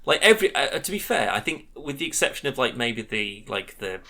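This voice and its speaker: A man's voice: medium pitch, sing-song, a little fast, gravelly, background noise. A man co-hosting a podcast, chatting casually and giving his opinions emphatically. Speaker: podcast co-host. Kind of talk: casual chat.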